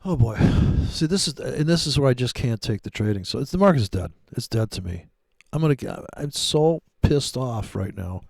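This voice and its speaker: A man's voice: mid-range voice, lively intonation, moderate pace, vocal fry, few pauses, a little mellow, no echo, clean studio sound. A man giving rambling, sarcastic, profane commentary while trading live. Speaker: day trader streaming live.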